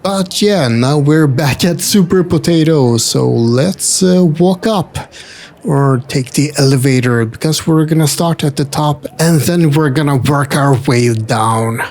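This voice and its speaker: Slow-talking gravelly man. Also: a little high. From Sweden. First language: Swedish. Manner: chatty, wry asides and gentle jokes. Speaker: travel vlogger and host. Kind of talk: casual walking-tour narration. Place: indoor multi-floor retro game store.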